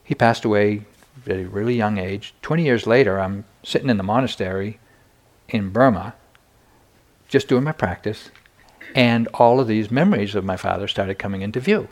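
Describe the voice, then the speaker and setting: A man's voice: on the low side, moderate pace, a little mellow. An older man giving a meditation dharma talk, telling personal stories candidly with self-deprecating humor. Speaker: meditation teacher.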